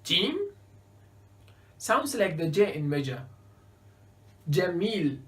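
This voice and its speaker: Woman teacher, lowish voice, very slow deliberate delivery, careful letter-by-letter instruction. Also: lively intonation. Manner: careful, spells out each letter and example word. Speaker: Arabic teacher. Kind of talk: slow beginner alphabet lesson.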